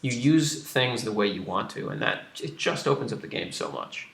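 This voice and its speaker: A man's voice: lowish voice, animated, moderate pace, gravelly, a bit bright, reverberant. A man on a live stream, explaining his strategy card game while he plays it and answering viewer questions with many fillers. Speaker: game designer streaming gameplay. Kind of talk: casual live-stream commentary.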